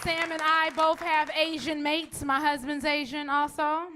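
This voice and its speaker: A woman's voice: high-pitched, flat delivery, a little slow, crowd noise, background noise. A woman doing a brash, sassy stand-up comedy set. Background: audience in a club.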